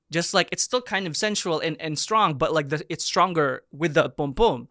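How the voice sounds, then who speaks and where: A young man hosting a reaction video, excitable and gushing, breaking into bursts of shouting and laughter as he breaks down a dance performance. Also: on the high side, normal speed, few pauses, no room sound, clean studio sound. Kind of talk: animated reaction commentary.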